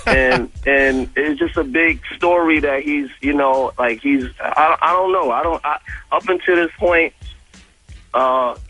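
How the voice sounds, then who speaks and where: A man's voice: fairly high pitch, measured pace, soft background music, rough recording. A man who is a guest on a radio interview, telling a story in casual slang and acting out the dialogue. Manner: animated, acts out the dialogue, profane slang.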